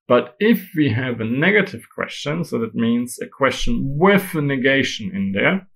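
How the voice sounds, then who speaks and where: A man's voice: mid-range voice, rough recording. Man teaching a grammar lesson. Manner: explains slowly with German examples. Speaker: German teacher.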